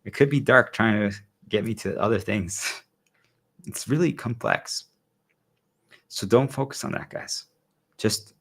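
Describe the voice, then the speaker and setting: A man's voice: fairly low pitch, measured pace, pauses often, fairly bright tone, breathy edge. A man talking casually and earnestly to his viewers, rambling and often asking whether they understand. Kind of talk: casual monologue to an audience.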